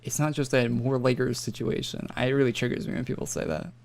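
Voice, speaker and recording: Chatting on his gaming stream, a young northern Albertan rambles along and swears offhandedly. He talks a little fast in a level, medium-pitched voice with vocal fry and a slightly mellow tone. Faint music can be heard behind him, and he's from northern Alberta, Canada.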